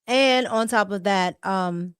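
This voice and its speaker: Woman livestream host, chatty, laughs often; middle pitch, dry close sound. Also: slow, clean tone, no echo. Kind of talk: casual livestream chat, reading super chats.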